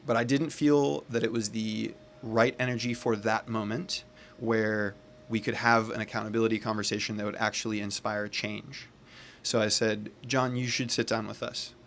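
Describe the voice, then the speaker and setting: Man, low voice, gravelly, calm and earnest, casual storytelling. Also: moderate pace, slight background noise. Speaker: men's accountability facilitator.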